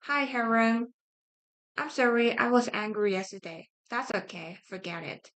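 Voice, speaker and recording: Korean lady practicing english sentences out loud, slow and kinda high voice, keeps repeating herself. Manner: slow, repeats each sentence, halting restarts. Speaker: study-with-me streamer. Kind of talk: reading grammar drill sentences aloud.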